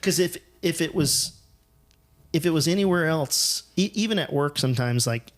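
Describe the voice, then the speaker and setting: A man's voice: on the high side, animated, normal speed. A man from the United States hosting a podcast, telling rambling, profane, self-deprecating stories in casual conversation. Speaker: podcast host.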